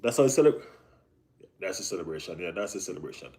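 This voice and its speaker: A man hosting a casual live football chat, talking in an animated way with lots of slang and repeated phrases. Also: sits low, fast talker. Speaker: football channel host.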